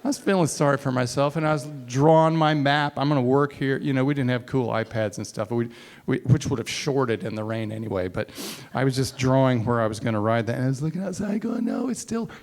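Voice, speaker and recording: On stage before a college audience, a man tells a self-mocking personal story, acting out the dialogue. His voice is mid-range and a little mellow, and he talks quickly.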